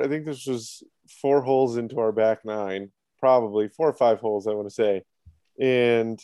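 A man chats as a podcast guest, spinning a self-deprecating story at an easy, mid-pitched level. The sound is dry and close, with no room around him. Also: dark tone, no echo. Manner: laid-back, self-mocking storyteller. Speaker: podcast guest, head of production. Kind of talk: casual chat, storytelling.

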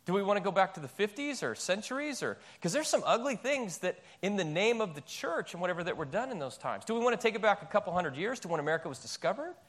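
A male pastor preaching a sermon in a church, emphatic and animated, firing off rhetorical questions. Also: high voice, quick pace, few pauses.

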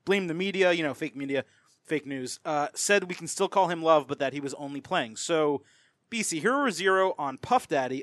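A man hosts a casual chat, briskly laying out each topic and tossing questions to his co-hosts. His voice sits a little high, and the sound is dry and close. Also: fairly bright tone, no room sound. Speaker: podcast host.

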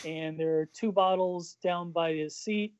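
A man's voice: a little high, fairly even intonation, unhurried. A man co-hosting a casual chat, recounting a comic panel by panel and doing the characters' lines and sound effects. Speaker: podcast co-host.

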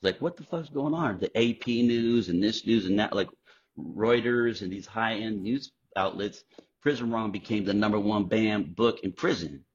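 A man guest on a podcast, telling candid, profane stories in a casual, animated way. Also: lowish voice, moderate pace, slightly rough. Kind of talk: casual storytelling. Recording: dull lo-fi sound.

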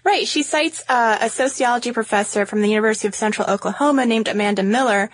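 A woman's voice: on the high side, quick pace, no echo. A woman co-hosting a podcast in casual chat, chatty and teasing. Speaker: podcast co-host.

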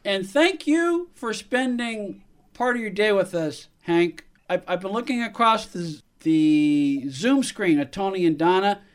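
A man hosting a show, coming back from a break and warmly praising his guest. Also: high voice, lively intonation, unhurried. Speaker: show host.

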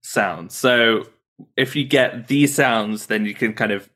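A man's voice: mid-range voice, slow, pushed and bright. A man working as an accent coach, patiently explaining sounds step by step in casual talk. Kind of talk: casual teaching chat.

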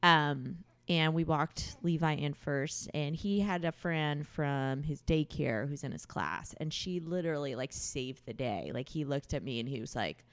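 Lively woman telling stories. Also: low-pitched, a little slow, hardly any pauses, smooth, no echo. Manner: animated storytelling with acted quotes. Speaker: podcast co-host, mother. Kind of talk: casual chat.

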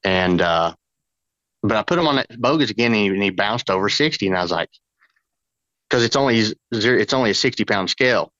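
A man, a fishing guide on a podcast, telling a long story in a rambling, excited way with lots of fillers. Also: on the low side, fairly quick, no room sound, highs cut off. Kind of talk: casual storytelling.

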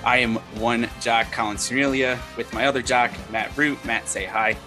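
A man hosting a casual sports podcast, upbeat and quick to laugh. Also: mid-range voice, fairly even intonation, music in the background. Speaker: podcast host. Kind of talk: casual chat.

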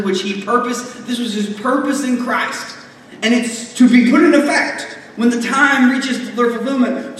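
A man with a high voice preaching a conversational sermon with jokes and asides, taking his time between phrases. He sounds far from the mic in a large hall, with long reverb ringing around him and faint room noise behind. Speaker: pastor.

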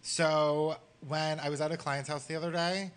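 A man on a talk panel telling an awkward personal story in a low-key, dry way. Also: flat delivery, moderate pace, fairly bright tone, clean tone. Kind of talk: casual chat.

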